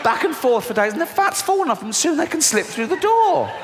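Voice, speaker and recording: British comedian, mock-outraged and lively. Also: male voice, very high voice, brisk. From Britain. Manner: mock-outraged, sarcastic, swearing. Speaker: stand-up comedian. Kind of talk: stand-up comedy. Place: large theatre stage. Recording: live theatre reverb with audience noise.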